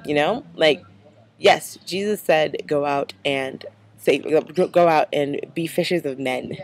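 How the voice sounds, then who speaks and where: Young adult female, American accent, low-pitched, talky casual vlogger who fills every pause. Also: slight background noise. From United States. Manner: chatty, rambling, many fillers. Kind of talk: casual vlog.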